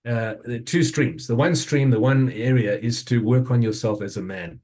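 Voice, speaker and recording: A South African man in his fifties, speaking at a summit and sharing a personal story in an earnest, halting way, with frequent restarts and fillers. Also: mid-range voice, a little mellow.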